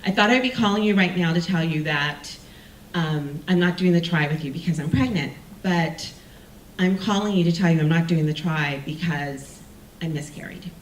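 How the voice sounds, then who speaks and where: A woman telling a personal story on stage, animated and self-mocking, acting out the people she quotes. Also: fairly low pitch, normal speed, slight background noise. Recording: roomy sound from a distant mic with faint ambience.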